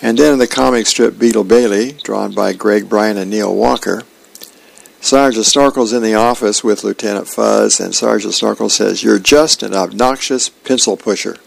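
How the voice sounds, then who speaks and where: Gravelly-voiced man reading comics on air. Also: fairly low pitch, steady tone, moderate pace, poor audio. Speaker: radio host.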